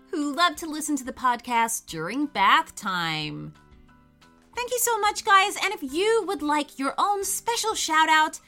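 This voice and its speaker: A woman's voice: sits high, sharp tone. A woman hosting a children's podcast, cheerfully reading a story aloud to young listeners.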